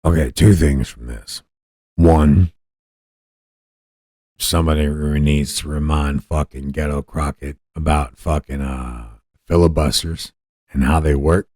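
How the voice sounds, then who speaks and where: A man's voice: rumbling low, fairly even intonation, unhurried, long pauses, darkish tone, dry recording, clean studio sound. A man hosting a podcast, giving blunt, profane political commentary in a ranting manner. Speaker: podcast host.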